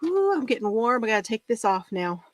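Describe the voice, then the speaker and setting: An excitable woman chats through a knitting tutorial, bubbly and quick to laugh. Her voice sits on the higher side. The sound is dry and close, with no room echo. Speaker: knitting video host. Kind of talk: casual crafting chat.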